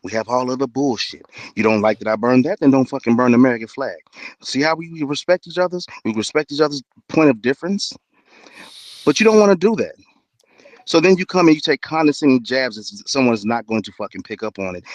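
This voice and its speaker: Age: adult. Sex: man. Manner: furious, cursing, confrontational. Pitch: middle. Sound: dry, close, over an online call. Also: a little fast, dry recording, poor audio. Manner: angry, profane, confrontational. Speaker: debate panelist. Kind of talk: heated online debate.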